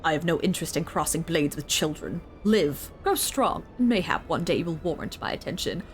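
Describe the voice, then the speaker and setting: A woman voicing a cold, commanding masked commander in a fantasy game, speaking in a slow, measured, menacing way. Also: sits low, faint music behind, pitched below the performer's own voice, natural voice. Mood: dismissive.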